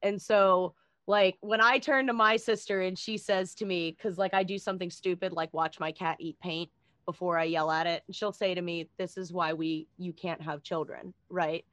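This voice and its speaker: A woman's voice: lowish voice, steady tone, moderate pace, a bit bright, dry recording. A woman sharing a personal story candidly in casual chat, with light laughs along the way.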